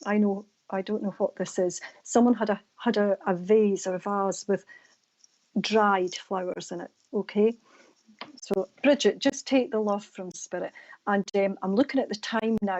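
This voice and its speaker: A woman's voice: mid-range voice, fairly even intonation, normal speed. Chatty Scottish woman medium, lo-fi stream. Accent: East Coast Scottish. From Scotland. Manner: chatty, warm sign-offs to viewers. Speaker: psychic medium. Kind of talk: live-stream readings and chat.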